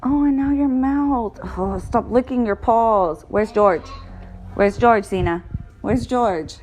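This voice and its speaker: Blunt, chatty mom vlogging at home. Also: female voice, a little high, slow pace, darkish tone, faint music behind, rough recording. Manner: scolds kids bluntly, coos at dog. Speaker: mother and vlogger. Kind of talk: casual home vlog chatter. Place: family home indoors.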